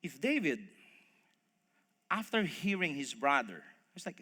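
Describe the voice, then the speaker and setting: A man preaching a sermon, telling a story with animated voices and speaking to the congregation as folks. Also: a little high, a little slow. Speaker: pastor. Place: church hall. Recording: long reverb of a church hall.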